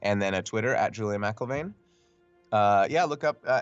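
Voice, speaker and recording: A man guest on a call, talking in a relaxed, rambling, self-deprecating way from home. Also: fairly low pitch, moderate pace, clean tone, no room sound, muffled recording, faint music behind. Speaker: guest voice actor. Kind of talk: casual chat on a call. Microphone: computer mic over a video call.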